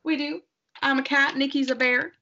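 A young woman co-hosting a casual makeup chat, excitable and bubbly, on a dull lo-fi recording. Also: sits high. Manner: excitable, bubbly, quick to laugh. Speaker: co-host.

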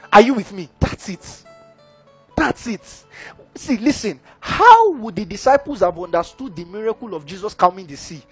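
High-voiced preacher. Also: male voice, breathy edge. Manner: engaging, keeps asking the audience "are we together, guys?". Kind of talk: sermon.

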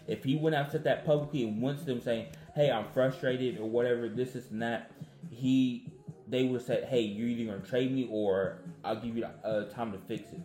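A man's voice: medium pitch, steady tone, a little fast, mellow, echoey room. A man arguing in a casual sports debate, pressing his point and repeating himself when pushed.

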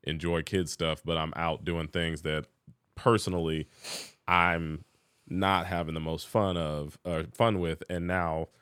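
A man with a very deep, smooth, resonant voice chats on a podcast, relaxed and slangy as he reflects on the past. The sound is close and dry, with no room echo. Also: a little slow. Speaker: podcast co-host. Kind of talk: casual chat. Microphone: podcast mic.

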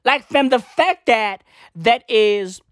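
A woman's voice: on the high side, lively intonation, slow pace, no echo, studio quality. A young woman ranting in a profane comic monologue, slangy and repetitive, laughing at her own jokes.

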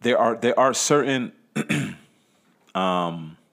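Speaking extremely slowly, this podcast host has a mid-range, gravelly voice that's animated and a bit bright. Alone on his show, he talks casually with plenty of profanity, rambling and stammering through restarts and asking the listener rhetorical questions.

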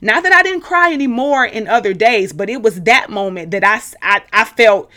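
A woman podcast host telling her personal faith testimony to a live online audience, earnest and animated, often restarting her sentences. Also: a little high, moderate pace.

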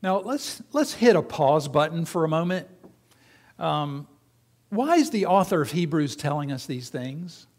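A man's voice: fairly high pitch, big pitch swings, a little slow, a little mellow. A man preaching a sermon to his church, talking in a conversational way and asking the congregation questions. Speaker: pastor.

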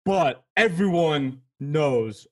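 Husky, easygoing podcast co-host. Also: male voice, fairly high pitch, lively intonation, extremely slow, a little mellow. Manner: easygoing, laid-back. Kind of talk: casual beer podcast chat.

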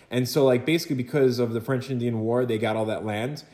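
A male teacher talks through a recorded history lecture in a relaxed, conversational way, tossing in "right?" and "okay?" and acting out quick quotes. His voice sits in a middle range and bounces off the walls of an echoey room. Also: mid-range voice. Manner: chatty, rhetorical asides and quick acted quotes.

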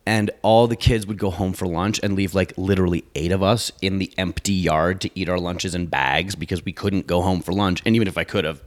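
A young man from Canada chatting casually as a podcast co-host, joking about himself and laughing often. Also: low voice. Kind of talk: casual banter.

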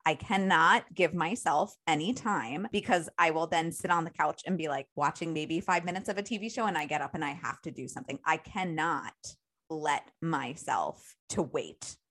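A woman co-hosting a podcast, chatty with quick asides. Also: low voice, fairly bright tone. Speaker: podcast co-host. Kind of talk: podcast conversation.

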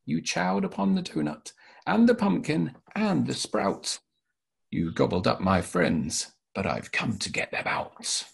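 A man voicing a small, plucky rabbit in a storybook read-aloud, with a bouncy, high-pitched delivery. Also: a little slow, gravelly, slightly rough, heavily acted. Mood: accusing.

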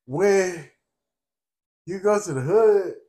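A young man co-hosting a podcast, telling stories in a casual, profane, streetwise way and constantly asking "you know what I'm saying", getting loud and laughing when fired up. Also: high-pitched, slow pace. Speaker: podcast co-host. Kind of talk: casual chat.

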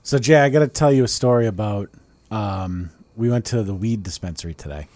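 A man's voice: lowish voice, brisk, darkish tone, no room sound. A man hosting a casual podcast, talking loosely and profanely with many restarts. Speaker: podcast host. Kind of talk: casual chat.

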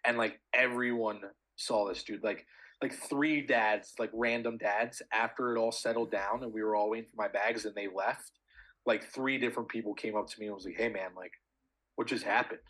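A man's voice: on the low side, steady tone, normal speed, a bit bright, poor audio. A young man co-hosting a podcast, telling a story in casual chat, swearing a lot with many fillers. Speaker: podcast co-host.

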